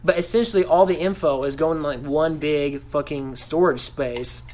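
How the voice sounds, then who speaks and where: Podcast co-host, male, slightly high voice, swears freely, rambles; faint hiss behind. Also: normal speed, a little mellow. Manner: profane, rambling. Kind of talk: casual podcast chat.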